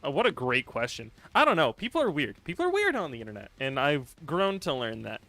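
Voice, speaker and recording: A man's voice: mid-range voice, huge pitch swings, brisk, creaky, pushed and bright, dry recording. A man streaming live, rambling casually and joking while he reads and answers viewer chat. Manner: rambling, joking, lots of laughs and fillers.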